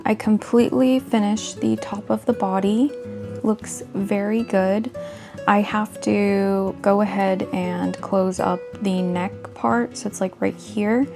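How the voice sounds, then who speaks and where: A woman's voice: mid-range voice, fairly even intonation, takes it slowly, creaky, over music. A woman vlogger talking casually and earnestly through her crafting progress. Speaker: crochet vlogger. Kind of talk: casual vlog voice-over.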